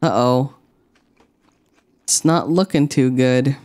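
A woman streaming a game, chatting to her viewers with rambling, deadpan jokes. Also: very deep voice, takes it slowly. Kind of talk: casual gameplay commentary.

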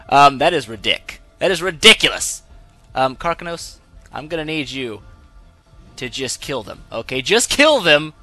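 A young man hosting a gaming channel, giving excitable let's-play commentary and yelping when things go wrong. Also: fairly high pitch, a little slow, long pauses, faint music behind. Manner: excitable, yelps and laughs when in trouble.

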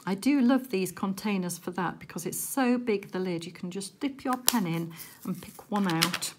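A woman chatting casually while she works on a diamond painting at home, with gentle, softly murmured asides. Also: mid-range voice, moderate pace, a little hiss or hum. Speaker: crafting vlogger.

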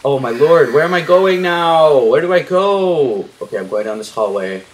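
A young man commentating a horror game as he plays, panicky and swearing, yelling at the enemies on screen. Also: fairly high pitch, expressive, moderate pace. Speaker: gaming YouTuber.

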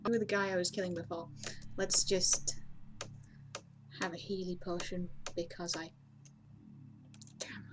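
A woman hosting a let's play, talking casually and mocking herself, with sudden high exclamations. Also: level tone, unhurried, pauses often, noisy background. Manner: chatty, self-mocking, bursts into high exclamations. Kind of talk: casual gameplay commentary.

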